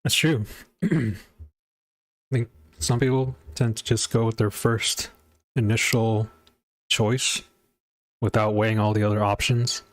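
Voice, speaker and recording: A man co-hosting a casual chat, relaxed and agreeable, laughing easily. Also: lowish voice, a little slow, long pauses, dry recording. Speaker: podcast co-host.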